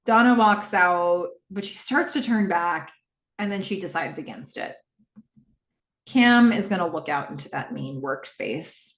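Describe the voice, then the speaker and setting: A woman hosting a podcast, recapping a TV episode in a casual, animated way and quickly acting out the characters' lines. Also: lowish voice, reverberant. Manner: animated retelling with quick quoted voices of characters.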